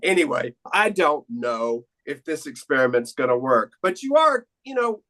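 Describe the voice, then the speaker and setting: A woman's voice: low-pitched, big pitch swings, normal speed, fairly bright tone. A playful woman among improv players, over a video call.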